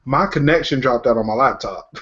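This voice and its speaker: A man co-hosting a casual podcast, calling in on a cell phone and making quick joking asides. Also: mid-range voice, a crowd in the background. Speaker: co-host. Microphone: cell phone call. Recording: lo-fi phone call audio.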